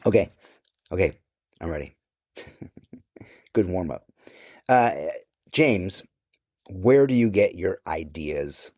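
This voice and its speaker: A man voicing a mock-serious male interviewer in a lower, deadpan voice. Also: takes it slowly, long pauses, full character voice.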